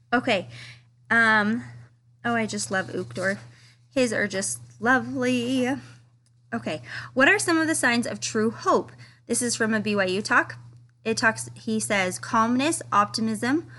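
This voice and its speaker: A woman's voice: fairly high pitch, bright, forceful tone. A woman giving a casual, earnest devotional study talk, reading quotes aloud with enthusiasm. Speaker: scripture study teacher.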